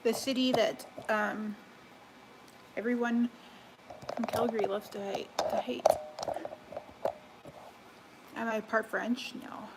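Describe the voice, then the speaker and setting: A woman's voice: a little high, flat delivery, measured pace, long pauses, noisy background. A young Canadian woman from Alberta, chatting casually to her viewers on a live stream, rambling with fillers and restarts. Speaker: livestreamer. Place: home kitchen, cooking.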